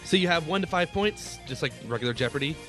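Male quiz host, a touch high and very bright in tone, playful and chatty, faint music underneath. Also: expressive, quick pace. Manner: explains rules with frequent laughs. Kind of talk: playful game-show hosting.

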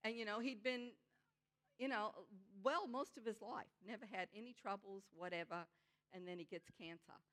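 A woman preaching a sermon in an earnest, conversational way, slowing down to stress her key points. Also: mid-range voice, fairly bright tone. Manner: conversational asides with frequent "you know".

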